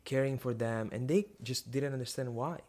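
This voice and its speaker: Animated young man telling a story. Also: medium pitch, moderate pace, a little hiss or hum. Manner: animated, many restarts and rising emphasis. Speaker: guest sharing a testimony. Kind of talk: personal storytelling.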